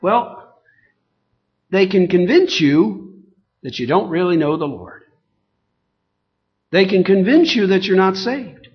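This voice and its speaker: A man with a high voice preaches slowly and emphatically, repeating himself and wandering through fillers. The recording sounds dull and lo-fi. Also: expressive. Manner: emphatic, repetitive, digressive with many fillers. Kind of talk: sermon.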